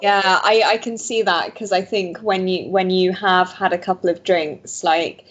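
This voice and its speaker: Lower-pitched woman co-host, animated, chatty, quick to laugh. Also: husky. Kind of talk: casual chat.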